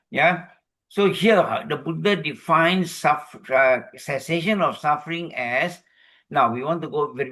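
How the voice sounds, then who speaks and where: A man with a Malaysian English accent giving a Buddhist teaching talk, explaining terms step by step, often checking in with "okay?", and reciting Pali verses slowly. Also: medium pitch, fairly bright tone. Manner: slow measured chanting of Pali verses. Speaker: Dhamma speaker.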